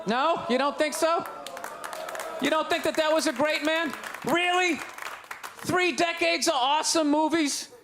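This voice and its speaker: A middle-aged man with a Boston accent rants through a stand-up set in a high, pushing voice. He needles the room as he goes. The live club recording carries a loud, laughing audience and steady background noise. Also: measured pace. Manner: brash, ranting, mocking the crowd. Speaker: stand-up comedian. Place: comedy stage before a live audience. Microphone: handheld stage mic.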